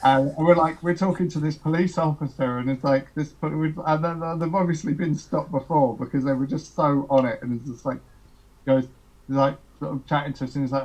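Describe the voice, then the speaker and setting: A man's voice: a little high, steady tone, fairly quick, a little mellow, low-quality recording. A man, a touring musician, telling rambling road anecdotes on a podcast, laughing and quoting people as he goes. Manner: rambling, laughs through anecdotes, quotes others. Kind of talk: casual podcast storytelling.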